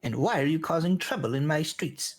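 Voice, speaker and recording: Man voicing a tiny ancient gnome leader, high, huffing, stern, commanding. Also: animated, fairly quick, natural voice.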